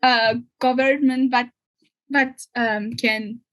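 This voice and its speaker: A woman's voice: on the high side, fairly even intonation, slow, a bit bright. A young woman from France with a French accent, chatting casually as a podcast guest, laughing often and sometimes searching for her words. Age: 20s. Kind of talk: casual conversation.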